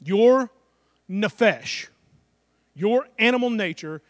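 A middle-aged pastor delivers his sermon in a notably high, light voice, keeping it chatty and direct. He fires off rhetorical questions and slips into quick acted-out asides. The sound is close and dry, with no room around it. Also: expressive, no echo.

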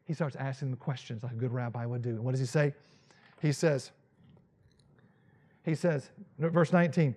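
A male pastor preaching a dramatic, animated sermon and acting out Bible scenes. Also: mid-range voice, moderate pace, long pauses.

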